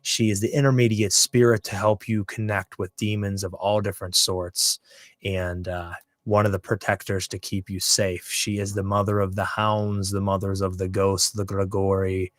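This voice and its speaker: A man's voice: low-pitched, normal speed, dry recording, clean studio sound. Emphatic man hosting a podcast. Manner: animated, emphatic, rambling asides. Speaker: podcast host. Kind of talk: casual interview chat.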